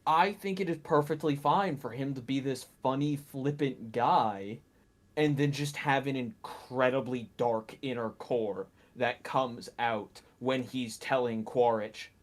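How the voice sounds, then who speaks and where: A man's voice: mid-range voice, unhurried. A man co-hosting a casual movie discussion, arguing his view at length with plenty of fillers. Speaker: co-host of a movie discussion show.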